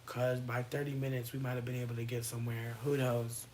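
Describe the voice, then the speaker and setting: A streamer talks straight to their chat from home late at night, playful and theatrical, with plenty of swearing. The voice sits at a middle pitch and keeps slipping into hushed whispers. A steady hiss and clicks run under the home mic. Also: quick pace. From Connecticut, USA. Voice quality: expressive, swears freely, slips into whispers. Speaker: livestreamer. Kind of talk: casual livestream chat.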